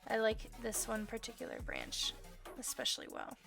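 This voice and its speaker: A woman's voice: a little high, huge pitch swings, moderate pace, vocal fry, music in the background. An American woman streaming while she colors, chatting in a rambling, casual way and swearing now and then. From United States.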